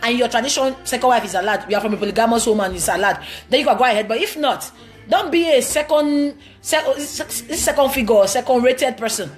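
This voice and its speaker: A woman's voice: on the high side, fast talker, soft background music. Blunt Nigerian woman giving relationship advice. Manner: blunt, emphatic and preachy, with broken phrasing. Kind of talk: live-stream Q&A, answering viewer comments.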